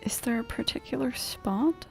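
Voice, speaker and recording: A woman's voice: fairly high pitch, normal speed, vocal fry, a little mellow, soft background music. A woman streaming a video game, talking casually to chat in a chatty, self-deprecating way, laughing often. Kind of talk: casual gameplay commentary.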